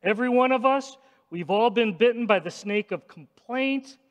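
A male pastor preaching an emphatic sermon in a church, swinging between loud declarations and hushed asides. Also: very high voice, moderate pace. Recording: long hall reverb.

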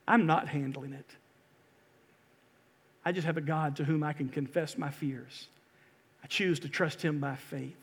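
A man preaching a sermon as pastor, impassioned, swinging from loud rousing calls to quiet earnest pleas. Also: on the high side, long reverb tail. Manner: impassioned, rising to loud exhortation and dropping to hushed pleas.

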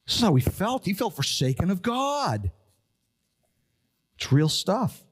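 A male pastor preaching a sermon, reading scripture low and solemn, then building to urgent, rising appeals. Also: sing-song, measured pace, slightly rough. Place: church sanctuary.

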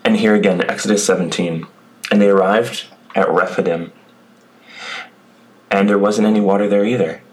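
A man's voice: lowish voice, steady tone, normal speed, long pauses, a little hiss or hum, rough recording. A man preaching a sermon, reading scripture aloud and then reflecting on it in a conversational way with asides to the congregation. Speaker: pastor.

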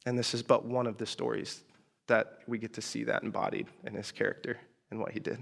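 A man's voice: mid-range voice, little pitch movement, a little fast, vocal fry, fairly bright tone. A man preaching in a casual storytelling style, chatty and slangy, with asides and mock exasperation. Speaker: preacher teaching a group.

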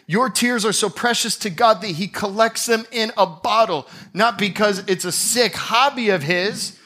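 Bright, high-voiced male pastor preaching. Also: husky. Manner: dramatic storytelling, acting out scenes. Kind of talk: sermon.

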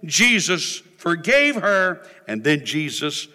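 A man's voice: fairly high pitch, big pitch swings, sharp tone. Fervent preacher man in a reverberant hall. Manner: rhythmic, rising and falling preaching cadence, drawn-out refrains. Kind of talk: sermon.

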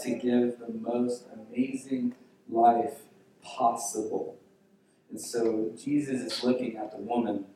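A male pastor preaching a sermon, telling the story dramatically and dropping to hushed tones for quoted lines, in a large church hall. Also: lowish voice, a little hiss or hum. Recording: very echoey hall, voice from far off.

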